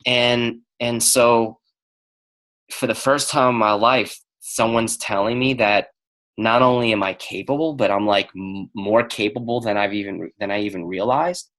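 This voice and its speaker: A man's voice: on the low side, normal speed. A middle-aged man telling a personal story on a call, acting out the lines of the people in it. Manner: animated storyteller acting out quoted dialogue. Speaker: speaker on a call.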